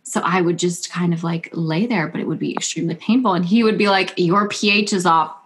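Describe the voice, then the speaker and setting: A woman's voice: fairly low pitch, fast talker, a little hiss or hum. A woman hosting a podcast, effusive and gushing, often laughing and saying "like". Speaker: podcast host. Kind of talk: intimate podcast conversation.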